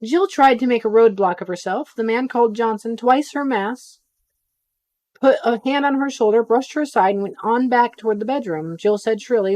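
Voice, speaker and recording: A woman's voice: a little high, moderate pace, a little mellow, no room sound. A woman reading a novel aloud on a live stream, breaking off for chatty asides. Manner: chatty asides between reading, some stumbles.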